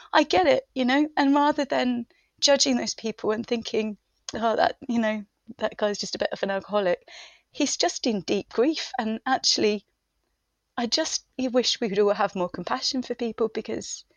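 A woman guest talking through grief in an interview, halting and searching for words, often emotional. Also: on the high side, no room sound.

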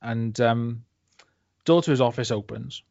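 Speaking a little slowly, this man has a gravelly, somewhat mellow medium-pitched voice as he rambles through a casual podcast interview as a comics creator. Fillers and free swearing run throughout, over a dry, dull lo-fi recording.

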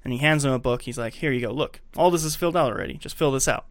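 A man's voice: medium pitch, very fast, dry recording. Man recapping a film on a dry close mic. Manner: retells scenes acting out the characters' lines. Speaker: podcast co-host. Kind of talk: casual chat, recapping a movie. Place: podcast recording setup.

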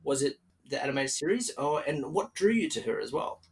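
A man's voice: a little high, sing-song, a little fast. A young Australian man hosting a casual podcast interview, upbeat and chatty, with plenty of fillers and restarts. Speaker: podcast host.

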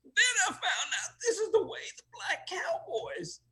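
A man's voice: extremely high pitch, huge pitch swings, a little slow, pushed and bright. An older man telling oral history as an interview guest, emotional and often laughing as he speaks.

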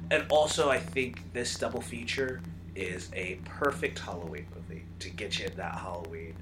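A man co-hosting a casual movie review podcast, animated and acting out scenes as he talks. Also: sits low, moderate pace, noisy background. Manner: animated, acts out scenes in bursts. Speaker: podcast co-host.

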